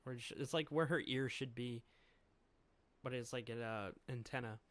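A man's voice: mid-range voice, moderate pace, fairly bright tone, no room sound. Chuckling man recapping a comic chapter. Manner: chuckles often, trails off and restarts. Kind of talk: casual chapter recap with put-on voices.

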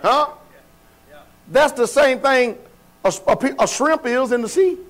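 A pastor with a very high-pitched, fairly bright voice preaches unhurriedly from a church sanctuary. He keeps his sermon homespun and conversational, frequently asking the congregation questions in a call-and-response manner.

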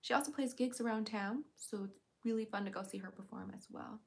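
A woman streamer chatting casually on a livestream, reading viewers' comments aloud and answering them with quick giggles. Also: medium pitch, gravelly. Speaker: streamer and voice actor.

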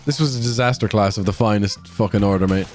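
A man with an Irish accent hosting a casual gaming session with friends, excitable and slangy, laughing often and calling everyone mate. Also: lowish voice, fast, soft background music. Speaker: gaming video host.

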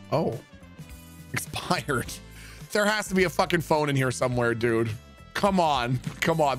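A man's voice: a little high, expressive, moderate pace, fairly bright tone, faint music behind. A man streaming a roleplay game, talking to chat in an exasperated way, swearing and laughing at his bad luck.

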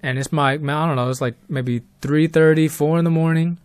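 A man's voice: fairly high pitch, fairly even intonation, fairly quick, a little mellow, clean tone, no room sound. Young man casually telling a spooky story. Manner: laid-back slang, rambling restarts. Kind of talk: casual spoken true story.

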